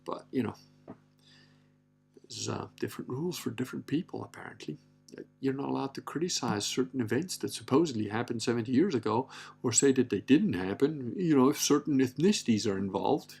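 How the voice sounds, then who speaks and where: A man's voice: medium pitch, animated, fairly quick, gravelly, darkish tone, slightly rough, soft background music. A man hosting a casual livestream, reading out viewer comments and rambling on in a profane, offhand way with lots of filler words. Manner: rambling, profane, full of "you know" and "like".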